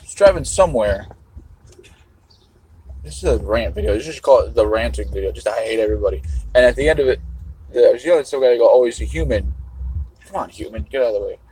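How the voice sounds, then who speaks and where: A man's voice: medium pitch, expressive, fast, long pauses, darkish tone, slight background noise, rough recording. A middle-aged man vlogging in a casual livestream monologue, rambling and musing with a half-joking tone.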